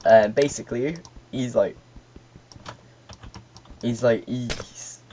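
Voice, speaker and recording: A man's voice: mid-range voice, slow pace, warm tone, a little hiss or hum, low-quality recording. A man rambling through a casual, sweary history explanation while getting distracted by the game he is playing. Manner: loose and offhand, trails off.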